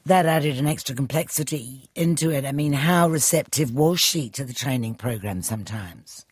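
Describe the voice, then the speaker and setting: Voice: mid-range voice, normal speed, slightly rough, no echo, studio quality. An interviewer asking probing, conversational questions. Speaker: radio interviewer.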